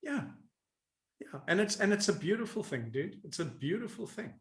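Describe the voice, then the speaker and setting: A man with a high voice speaks as a coach, lively and quick to laugh. He acts out inner voices as he explains his ideas. His voice rings with a roomy echo. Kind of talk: animated interview answers.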